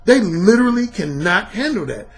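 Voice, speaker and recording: Emphatic gravelly-voiced male podcast host. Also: high-pitched, moderate pace. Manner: emphatic, blunt, profane, animated. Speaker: podcast host and dating coach. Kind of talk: casual monologue.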